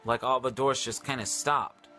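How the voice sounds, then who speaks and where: A man hosting a livestream, telling a story casually in a rambling, animated way with many fillers and restarts. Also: mid-range voice, moderate pace, faint music behind. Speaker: livestream host.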